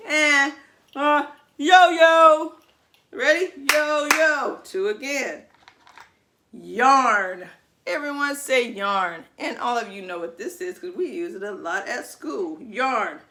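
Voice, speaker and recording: A woman teaching preschool children over video, coaxing them to repeat words and praising them in an animated, drawn-out sing-song way. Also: mid-range voice, a little hiss or hum.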